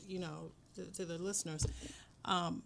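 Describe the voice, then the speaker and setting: A woman host speaking in a measured, thoughtful way as she addresses her listeners. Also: fairly low pitch, level tone, creaky, fairly bright tone, a little hiss or hum. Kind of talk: interview conversation.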